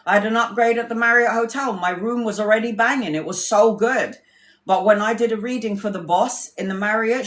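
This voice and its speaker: A woman tarot reader tells candid, rambling stories on a casual livestream, swearing freely. Her mid-range voice is a bit bright, and the recording has a roomy echo.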